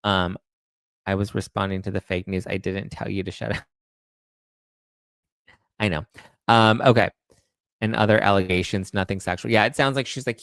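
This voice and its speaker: A man hosting a pop culture show in casual chat, breaking into high-pitched disbelief. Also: normal speed, creaky, pauses often, a bit bright, no echo. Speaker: pop culture podcast host.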